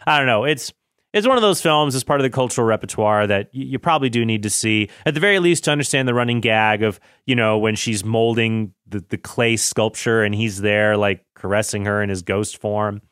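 A man's voice: on the low side, a little fast, a bit bright, smooth, dry recording, studio quality. A man in his thirties casually talking about films, chatty and self-correcting, often laughing at himself. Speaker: film commentary host. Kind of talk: casual film commentary.

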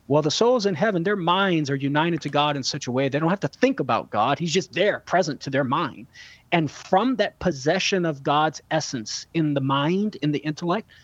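A man with a slightly high voice explains theology to callers in an earnest, teaching way, leaning on repeated words for emphasis. The sound is dry and close, a little dull and lo-fi. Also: no echo. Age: young adult to middle-aged, a father. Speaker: guest theologian answering callers. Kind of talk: call-in radio show Q&A.

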